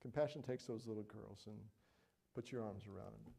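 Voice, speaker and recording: Middle-aged male pastor, warm low-key tone, earnest sermon full of check-ins. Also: fairly quick, gravelly, slightly rough. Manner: earnest, conversational, frequent "all right?" and "you know".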